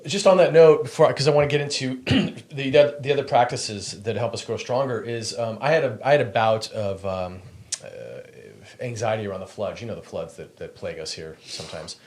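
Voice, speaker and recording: A man's voice: mid-range voice, a little fast. A man co-hosting a podcast who speaks candidly and often restarts while searching for words. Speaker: podcast co-host. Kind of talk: casual podcast conversation.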